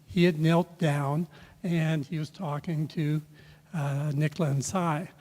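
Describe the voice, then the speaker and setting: Older man, memorial anecdote, halting delivery, dark tone, long hall reverb. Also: a little high, steady tone. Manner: halting, many filler pauses and restarts. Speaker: speaker sharing a memory at a memorial. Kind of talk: rambling personal anecdote. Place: event room at a memorial service.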